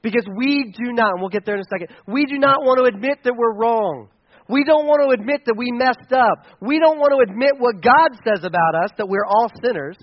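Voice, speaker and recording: A male pastor preaches in a playful, conversational way, and his voice sits high for a man. The recording is dull and muffled, with a dry sound and no echo. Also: expressive, brisk. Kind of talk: sermon.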